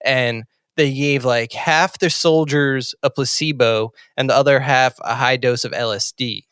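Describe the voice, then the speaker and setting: A man's voice: mid-range voice, steady tone, a little slow, fairly bright tone, clear, resonant tone, no room sound, studio quality. A man co-hosting a podcast in casual chat, rambling along with lots of filler words. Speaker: podcast co-host.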